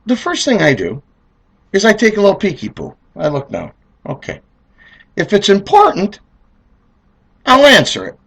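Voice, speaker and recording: A middle-aged man telling comedic stories in a rambling, animated way, acting out voices. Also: high voice, normal speed, vocal fry, long pauses, husky. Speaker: car dealer telling stories. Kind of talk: comedic monologue.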